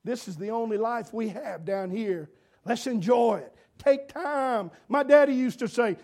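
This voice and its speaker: A man's voice: very high-pitched, animated, slow pace, a little mellow. A man preaching a folksy sermon, telling homespun stories in an earnest, repetitive way. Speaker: pastor.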